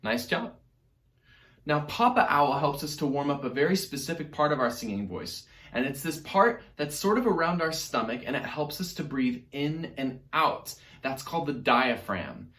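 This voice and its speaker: Lively upbeat man teaching music. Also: on the high side, moderate pace, reverberant. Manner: upbeat, playful, encouraging. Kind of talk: recorded online music lesson for children.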